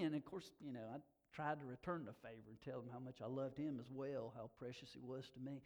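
A man's voice: medium pitch, brisk, hardly any pauses. A middle-aged man preaching a sermon, telling personal stories with laughs and building to emotional, emphatic peaks. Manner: warm storytelling, with laughs and emotional swells. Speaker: pastor.

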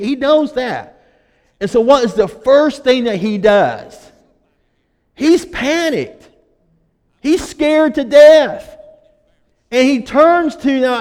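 A high-pitched man preaches a sermon from the pulpit, talking in an easy, conversational way and then pressing his points with force. His voice rings out with a long reverb, as if filling a church sanctuary. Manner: conversational preaching that builds to emphatic, loud stretches. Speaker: pastor.

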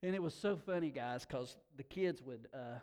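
A man preaching a sermon in a folksy, casual way, talking slowly and dropping asides like "man" and "you know.". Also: medium pitch, darkish tone. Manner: slow-talking, by his own account. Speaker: pastor.

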